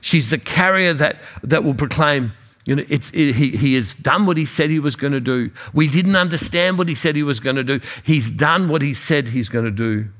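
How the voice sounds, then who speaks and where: Male preacher, earnest sermon delivery, slightly high pitch, repeats words as he builds. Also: normal speed, fairly bright tone.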